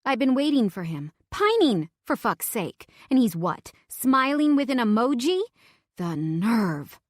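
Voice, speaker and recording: A woman's voice: a little high, sing-song, a little slow, dry recording, clean studio sound. A young woman narrating a romance audiobook in the first person, emotive, lifting her voice for her own text messages.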